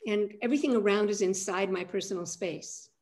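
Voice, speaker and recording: An older woman, an aikido teacher, guiding a calm centering practice on a video call with a soft, unhurried manner. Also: mid-range voice. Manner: calm, soft-spoken guidance with frequent pauses.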